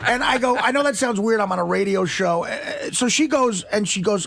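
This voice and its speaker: Gravelly high-voiced man telling a rambling story. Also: expressive, fast, hardly any pauses, a bit bright, no echo. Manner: rambling, profane, laughing storyteller. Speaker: radio show regular. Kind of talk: casual storytelling on radio. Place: radio studio.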